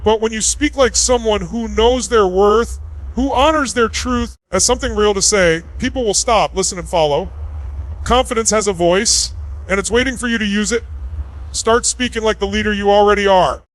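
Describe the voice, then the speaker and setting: A man with a notably high voice gives a motivational speech. He speaks in punchy, emphatic bursts and stresses single words. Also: normal speed, poor audio. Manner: emphatic, punchy short phrases.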